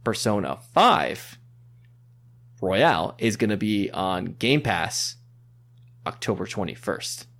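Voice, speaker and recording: Man, fairly low voice, upbeat, casual host, runs through news. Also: animated, a bit bright, a little hiss or hum. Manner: upbeat, quick, restarts and fillers. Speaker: podcast host. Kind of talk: casual chat, presenting news.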